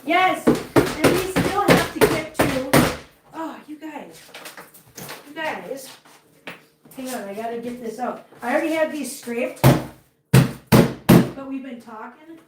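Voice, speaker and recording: A woman's voice: sits high, slow, pauses often, heavy background noise. A woman hosting a casual livestream from her kitchen, chatty and emotional, cooing at her cats between chatting with viewers. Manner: emotional, chatty, coos baby talk at cats. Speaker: livestream host. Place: home kitchen. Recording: roomy echo, voice from far off.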